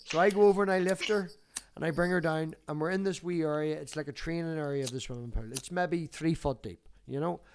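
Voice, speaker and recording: A man's voice: on the high side, fairly quick. Sweary man telling stories. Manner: swears freely, animated storytelling. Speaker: livestream host. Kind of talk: casual chat.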